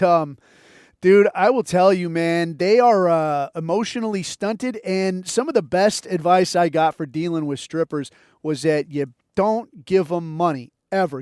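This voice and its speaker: Man, podcast host, casual storytelling, swears constantly, somewhat high voice, dry close sound. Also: a little mellow, dry recording. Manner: profane, rambling, swears constantly.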